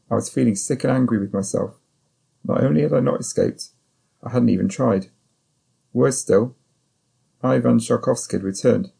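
Gravelly, husky male audiobook narrator. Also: mid-range voice, mellow. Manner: measured, sombre first-person storytelling.

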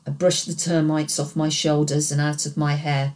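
A woman with a low, deep voice narrates a thriller in the first person. Her reading is steady and measured, paced for an audiobook.

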